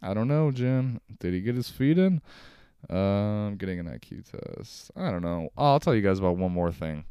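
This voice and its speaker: Profane ranting podcast man, smooth low voice. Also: animated, normal speed, mellow, dry recording, clean studio sound. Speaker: podcast host. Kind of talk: solo comedic podcast rant. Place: at home on a couch.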